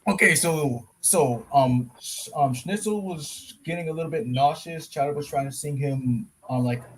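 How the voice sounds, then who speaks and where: A man on a casual chat stream, retelling a cartoon episode in an animated, rambling way. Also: a little high, moderate pace, slight background noise, low-quality recording. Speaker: co-host.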